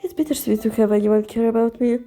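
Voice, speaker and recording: A woman voicing a troubled young male best friend in a fan reading of a visual novel; soft, hesitant and apologetic. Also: fairly high pitch, fast talker, faint music behind, natural voice. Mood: sad.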